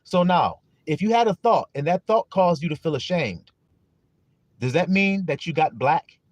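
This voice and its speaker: Animated preaching man, higher voice. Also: normal speed, no room sound. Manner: emphatic, repeats questions to listeners; greets viewers in chat. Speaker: preacher on a live stream. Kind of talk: livestream sermon.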